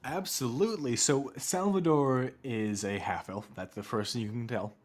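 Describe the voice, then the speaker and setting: A man's voice: mid-range voice, normal speed. A man playing a tabletop role-playing game, describing and voicing his character in a rambling, self-deprecating comic way. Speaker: player.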